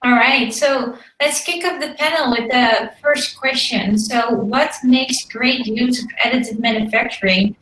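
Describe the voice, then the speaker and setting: A woman moderates a panel, briskly introducing speakers and handing over turns. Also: fairly high pitch, fairly bright tone, slight background noise. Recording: echoey room.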